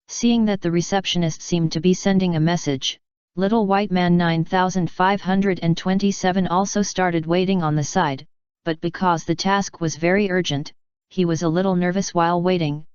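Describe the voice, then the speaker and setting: Smooth-voiced woman reading an audiobook. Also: lowish voice, normal speed, darkish tone, no echo, muffled recording. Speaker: audiobook narrator. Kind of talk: reading a fan fiction audiobook.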